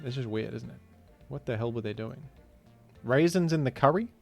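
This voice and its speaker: A man streaming a food guessing game, talking casually with animated, incredulous outbursts. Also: mid-range voice, moderate pace, vocal fry, faint music behind. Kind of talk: casual gaming commentary.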